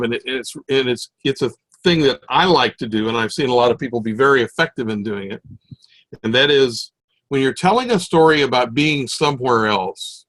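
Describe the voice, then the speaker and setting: A man giving a spoken evaluation of a speech over a video call, friendly and halting, with many fillers. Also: mid-range voice, fairly bright tone, dry recording, low-quality recording. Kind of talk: online club speech evaluation.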